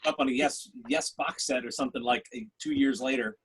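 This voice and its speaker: A man's voice: medium pitch, steady tone, quick pace, rough recording. A man, a festival co-founder, telling stories about himself in a casual, easygoing, self-deprecating way. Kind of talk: casual anecdotal storytelling.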